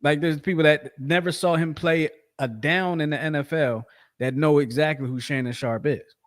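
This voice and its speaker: A man's voice: on the high side, fairly even intonation, moderate pace. A man co-hosting a sports podcast, chatting casually, rambling with many restarts and fillers. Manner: rambling, repeats himself, frequent fillers. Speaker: podcast co-host.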